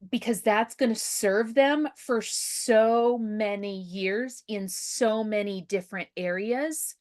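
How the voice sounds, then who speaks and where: A woman talking in a relaxed podcast conversation, earnest and candid about parenting. Her voice sits at a middling pitch, and she keeps checking in with "right?" and "you know" as she goes. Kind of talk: casual conversation.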